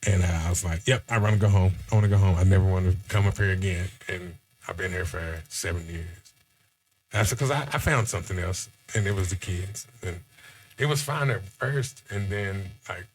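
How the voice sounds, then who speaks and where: A man from Texas, chatting casually on a podcast and telling animated stories with acted-out quotes. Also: deep voice, normal speed, a little hiss or hum.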